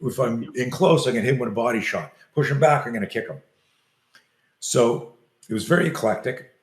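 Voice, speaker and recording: A man's voice: mid-range voice, a little fast. Older man telling a roomy story. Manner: animated storyteller acting out quoted dialogue. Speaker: self-defense coach. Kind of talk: storytelling in a podcast interview. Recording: roomy echo.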